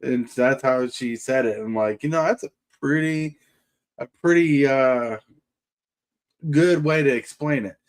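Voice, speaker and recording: Man, livestream host, casual rambling chat, mid-pitched voice. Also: measured pace. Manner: rambling, chatty, greets chatters by name.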